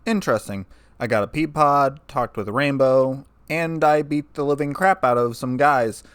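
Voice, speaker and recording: A man's voice: medium pitch, moderate pace, a bit bright, smooth, dry recording, lightly acted. A man voicing a laid-back young human man who talks in a dry, sarcastic way.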